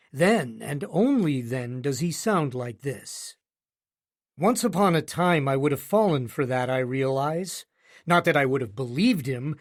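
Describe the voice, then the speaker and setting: A man narrating a romance audiobook in the first person with a wry, sardonic delivery. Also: a little high.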